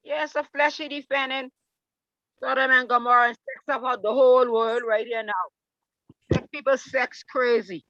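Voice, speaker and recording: A woman's voice: high voice, fairly even intonation, normal speed, a bit bright, no echo. Woman preaching over a dull line. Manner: preaching, repetitive, emphatic. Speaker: study group speaker. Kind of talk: impassioned religious talk.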